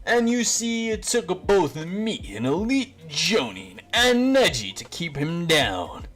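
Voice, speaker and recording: A man doing a loud boastful martial arts teacher. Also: high-pitched, slow, pitched above the performer's own voice, heavily acted. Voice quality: loud, theatrical and excitable.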